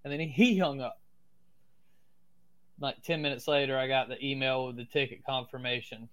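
A man's voice: medium pitch, steady tone, moderate pace, fairly bright tone. A man from Florida with a strong Southern US accent, a podcast guest telling stories in a laid-back, cursing manner. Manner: laid-back, swears freely. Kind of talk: casual storytelling.

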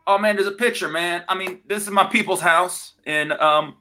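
A man's voice: sits high, moderate pace, sharp tone. A man joining a casual comedy chat by video call, talking in a laid-back way and calling people man and brother.

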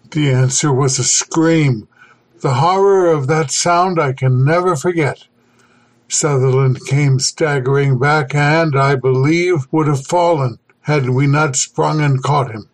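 A man reading a horror story aloud as the podcast host, slow and deliberate. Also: fairly high pitch, low-quality recording. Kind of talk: scripted horror narration.

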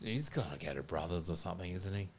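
A man's voice: low-pitched, expressive, fast, slightly rough. An Australian man co-hosting a podcast, chatting about rugby with joking banter. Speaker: podcast co-host. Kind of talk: casual rugby chat.

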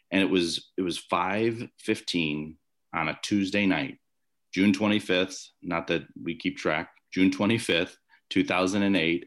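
Man, very low pitch, from Chicago area, rambling anecdotes, interview guest, home office. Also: fairly bright tone. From Chicago area, USA. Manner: rambling anecdotes with frequent restarts and fillers. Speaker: guest, former baseball umpire. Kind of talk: conversational storytelling interview.

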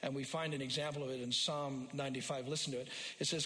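A man preaching a sermon as a pastor, repeating phrases for emphasis and rising loud and high when he quotes scripture. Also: flat delivery, quick pace. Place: church sanctuary. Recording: long hall reverb.

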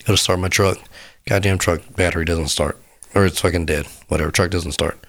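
A man's voice: low-pitched, steady tone, a little fast, vocal fry. A sick man with a sore throat, rambling crudely and profanely as a podcast host. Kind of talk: rambling casual monologue.

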